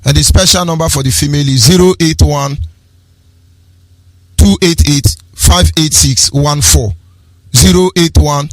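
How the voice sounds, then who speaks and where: A man presenting live activist radio, speaking in a chanting, preacher-like way that rises to shouts. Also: fairly high pitch, no room sound.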